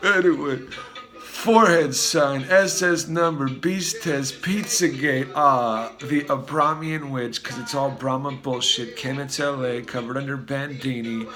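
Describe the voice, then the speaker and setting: A man's voice: medium pitch, fairly even intonation, measured pace, pushed and bright, faint music behind. A man in a profane, free-associating monologue, rambling from one loose word link to the next and muttering some lines. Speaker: vlogger.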